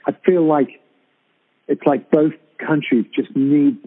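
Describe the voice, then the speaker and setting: A man chatting on a radio show from abroad, talking haltingly with many fillers and restarts. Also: fairly high pitch. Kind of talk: casual radio chat. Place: abroad in Britain, calling in. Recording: tinny phone-line sound on radio.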